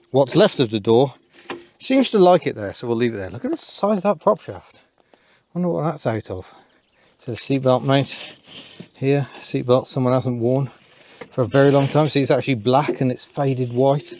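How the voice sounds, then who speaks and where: A man's voice: medium pitch, moderate pace, darkish tone, a little hiss or hum. A man, commenting casually with dry, self-deprecating asides while he picks through an old car in an overgrown rural yard. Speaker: car vlogger.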